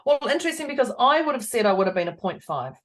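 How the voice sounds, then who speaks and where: A woman with an Australian accent co-hosting a podcast in casual chat, her voice husky and going hoarse, playful and chatty. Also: fairly high pitch, big pitch swings, rapid-fire. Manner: chatty, laughs often, playful. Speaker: podcast co-host.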